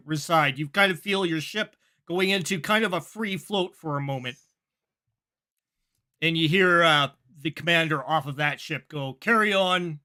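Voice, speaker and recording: A man narrating a sci-fi tabletop game as game master, in a halting way with many fillers. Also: fairly high pitch, bright, forceful tone.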